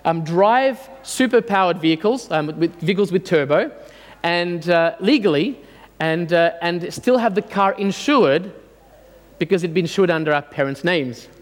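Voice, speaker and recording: A man in his forties telling an animated, self-mocking story to an audience. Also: high voice, normal speed, long reverb tail. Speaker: speaker addressing an audience. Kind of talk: storytelling talk.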